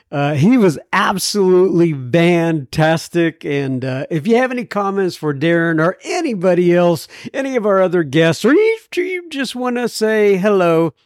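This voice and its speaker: A man's voice: high-pitched, dry recording, studio quality. Easygoing male podcast host. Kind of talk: casual podcast chat.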